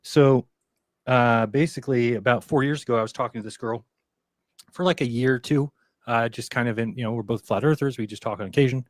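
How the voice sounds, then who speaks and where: A man's voice: mid-range voice, a little fast, no echo. A man co-hosting a casual talk show, rambling through a story and acting out what others said. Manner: rambling, quotes others in animated voices. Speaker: podcast co-host.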